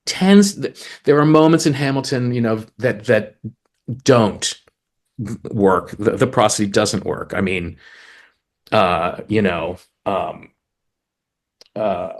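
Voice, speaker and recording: A man's voice: on the low side, slow, pauses often. A man co-hosting a chat about songwriting, eagerly explaining craft and reading lyrics aloud with rhythm. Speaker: podcast co-host, lyricist.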